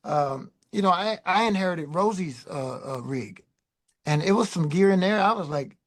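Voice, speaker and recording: A middle-aged man, a guest musician, telling loose, animated stories in a casual chat. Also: sits high, normal speed. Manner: animated, loose, peppered with "man" and "you know". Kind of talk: casual storytelling.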